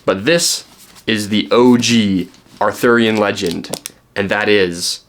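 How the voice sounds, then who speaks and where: A man's voice: lowish voice, slow, fairly bright tone, slight background noise. A young man from Canada, chatting casually and rambling with lots of ums while showing the books he found. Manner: rambling, self-deprecating, many ums and restarts. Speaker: book vlogger.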